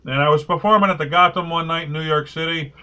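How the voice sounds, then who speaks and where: A male podcast host with a bright, forceful, slightly high voice, telling animated stories and reading listener notes in casual chat. The sound is a little dull and lo-fi. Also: fast, clean tone. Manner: animated storyteller, reads listener comments.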